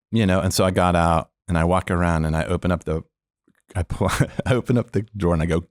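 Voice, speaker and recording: A man's voice: low-pitched, fast, no echo, clean studio sound. A middle-aged man, a former police officer, telling a story of faith as a podcast guest and acting out the voices in it. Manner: animated storyteller, acts out quoted voices. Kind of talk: storytelling testimony.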